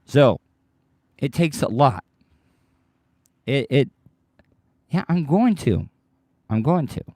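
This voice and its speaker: Male podcast host, strained tired voice, excitable rambling delivery, dry close sound. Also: mid-range voice, slow, no echo. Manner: excitable, swears casually. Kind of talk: rambling livestream chat.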